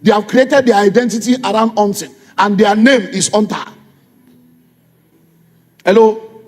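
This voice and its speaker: A man's voice: high voice, fairly even intonation, unhurried. A middle-aged man with a Nigerian accent, preaching a sermon as a pastor, firing repeated rhetorical questions at his congregation. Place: church. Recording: long reverb of a church hall.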